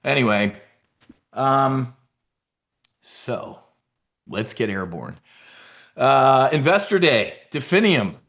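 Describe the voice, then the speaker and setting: A man's voice: mid-range voice, lively intonation, slow pace, long pauses, a bit bright. A middle-aged man hosting a live investing briefing, talking casually with blunt, swearing asides and rambling restarts.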